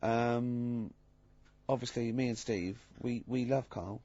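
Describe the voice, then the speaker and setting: A man's voice: mid-range voice, fairly even intonation, slow pace, dark tone, muffled recording. A man hosting a radio show, joking along in casual studio banter with many restarts.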